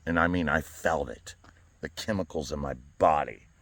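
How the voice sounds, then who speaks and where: A man with an extremely low, deep voice speaks in a personal vlog monologue. He talks earnestly and haltingly, stumbling over repeated words as he goes. He is recorded outdoors. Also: fairly bright tone, dry recording. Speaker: vlogger. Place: outdoors by a flagpole.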